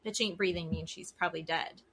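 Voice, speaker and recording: A woman's voice: lowish voice, steady tone, fairly quick, fairly bright tone, slightly rough. A woman co-hosting a podcast, chatting casually and bluntly about a reality show, swearing freely. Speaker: podcast co-host. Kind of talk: casual chat recapping reality TV.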